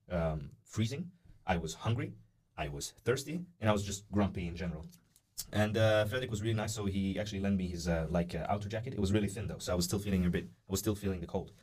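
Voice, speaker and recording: A young man rattles off a story at a quick clip in a lowish voice. He tells it casually and loosely, full of fillers, and slips into other people's voices as he goes. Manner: animated, acts out the voices of people in his story; many "uh" and "like" fillers. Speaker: podcast guest.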